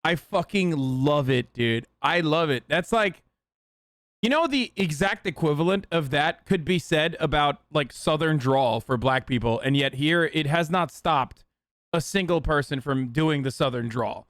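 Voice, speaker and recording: A man's voice: on the high side, a little slow, no room sound. Sarcastic, swearing male streamer. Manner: sarcastic, profane, animated. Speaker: streamer reacting to videos. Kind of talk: live-stream reaction commentary.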